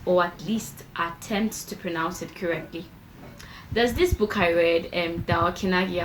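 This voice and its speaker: A woman's voice: on the low side, a little hiss or hum, low-quality recording. A young woman giving self-improvement tips to camera in a chatty way, acting out little quoted exchanges. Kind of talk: casual talk-to-camera advice.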